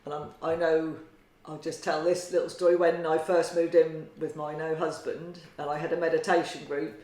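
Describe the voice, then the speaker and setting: A woman with a Norfolk accent and a very deep, booming voice, chatting casually as a podcast co-host and tarot reader, often trailing off softly at the ends of phrases. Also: level tone, moderate pace. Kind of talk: casual chat. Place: kitchen table at home. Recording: echoey kitchen room.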